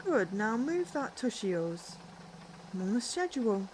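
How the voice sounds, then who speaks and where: A woman's voice: fairly high pitch, very animated, unhurried, darkish tone, slight background noise. A woman voicing a pushy, impatient bus driver in a game, brusque and bossy.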